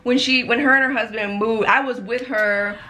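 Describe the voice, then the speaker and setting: Bright-voiced woman telling an animated story. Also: fairly high pitch, moderate pace. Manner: animated storytelling with frequent "like" fillers. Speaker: vlog co-host. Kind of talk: candid friendship Q&A chat.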